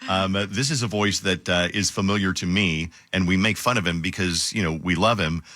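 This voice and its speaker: Male radio host, bright and dry. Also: low-pitched, steady tone, fairly quick, no echo. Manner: easygoing, laughs often, mimics others. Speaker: radio morning show host. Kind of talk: casual on-air chat. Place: radio studio. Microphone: studio microphone.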